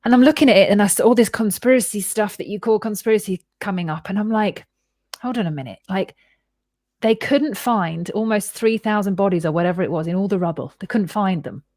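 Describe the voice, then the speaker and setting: A woman's voice: mid-range voice, fairly quick, darkish tone, dry recording. Female guest, chatty and candid, tells a long personal story with acted-out reactions; dry, close recording. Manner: rambling, candid, swears freely, acts out her own reactions. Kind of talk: casual storytelling in conversation.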